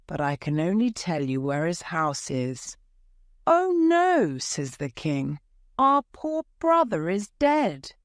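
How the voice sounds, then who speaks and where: A woman reading a graded-reader story aloud in a clear, measured storytelling way. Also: deep voice, a little mellow, dry recording, studio quality. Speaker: audiobook narrator. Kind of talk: scripted narration of a graded reader.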